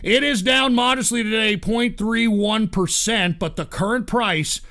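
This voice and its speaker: Brash male stream host with a very high, gravelly voice, bright and sharp. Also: measured pace. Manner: brash, profane, boisterous. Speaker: livestream host. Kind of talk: casual livestream chat.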